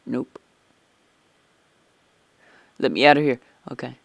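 This man has a smooth, medium-pitched voice and takes his time, with no room sound in the recording. He's a let's play gamer who rambles chattily over his gameplay and is quick to get spooked.

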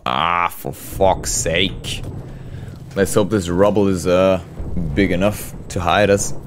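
Speaking slowly in a voice that sits low, a man gives live commentary on a war shooter, cursing often and chatting with his viewers as he plays. Game gunfire, explosions, and artillery make for a noisy background.

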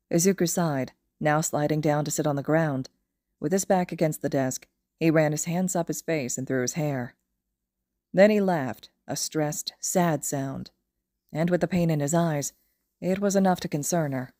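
Woman podfic reader, low voice, mellow, dry recording, even storytelling. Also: moderate pace, no room sound. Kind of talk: fan fiction audiobook narration.

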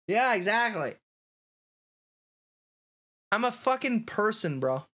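A woman's voice: medium pitch, sing-song, slow pace, pauses often, fairly bright tone. A woman streaming live, chatting on a call in a rambling, crude and giggly way. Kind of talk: casual live-stream chat.

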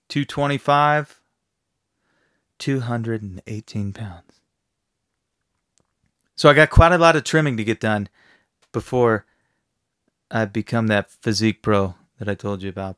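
A brash male fitness trainer in a casual podcast interview, talking in a crude, intense way. His voice is smooth and resonant, set a little low, and the close mic gives a dry sound with no room in it. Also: a bit bright, no room sound.

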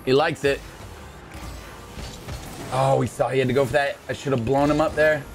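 Hosting a gaming video, this man narrates live play in a gravelly voice at a moderate pace. His commentary is excitable, leaping from relaxed talk to high-pitched yelps, with soft music playing behind him.

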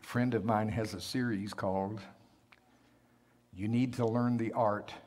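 Man preaching in a church sanctuary; husky tone, scripture readings with quick joking asides. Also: fairly low pitch, steady tone, a little mellow. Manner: reads scripture aloud, then makes joking asides. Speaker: pastor. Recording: long reverb of a church hall.

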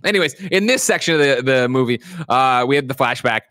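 A man co-hosting a casual podcast, retelling movie scenes and acting out the characters' lines in quick voices. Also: mid-range voice, expressive, a bit bright, no room sound, studio quality. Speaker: podcast co-host.

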